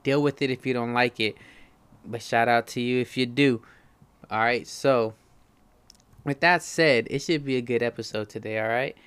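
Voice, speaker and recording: A man's voice: mid-range voice, moderate pace, pauses often, fairly bright tone, clear, resonant tone. A young man hosting his podcast alone, talking casually, swearing freely and often checking in with listeners. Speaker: podcast host. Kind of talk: solo casual podcast monologue.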